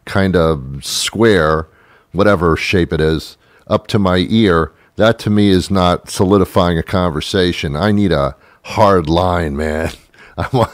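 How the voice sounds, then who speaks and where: Comic host, low voice, lively sarcastic delivery, dry close mic. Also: male voice, measured pace, no room sound. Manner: exasperated, sarcastic, mimics voices. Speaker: comedy show host. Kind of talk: comic rant monologue.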